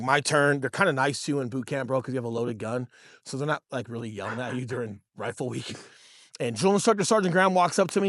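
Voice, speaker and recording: A real estate agent in his thirties who co-hosts a podcast speaks in a mid-range, slightly bright voice. His storytelling is casual and profane, full of bro and dude for the listeners, and the studio-quality audio has no room sound.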